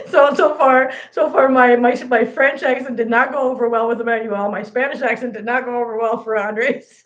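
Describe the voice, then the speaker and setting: A woman's voice: on the high side, steady tone, moderate pace, hardly any pauses, dull audio. A chatty American woman hosting a casual cat channel livestream, joking about herself and laughing often. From United States. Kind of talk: casual live chat to viewers.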